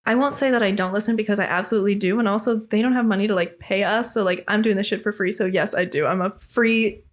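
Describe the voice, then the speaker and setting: A woman's voice: mid-range voice, steady tone, fast. A young adult woman chatting as a podcast guest, candid and casual, swearing now and then with many fillers of "like". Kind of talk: casual chat.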